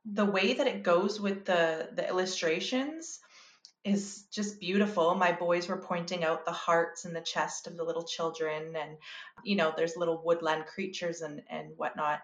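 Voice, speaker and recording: A woman's voice: lowish voice, steady tone, normal speed. A woman hosting a podcast, interviewing her guest with enthusiastic, affirming remarks. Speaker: podcast host. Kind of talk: casual interview conversation. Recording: echoey room.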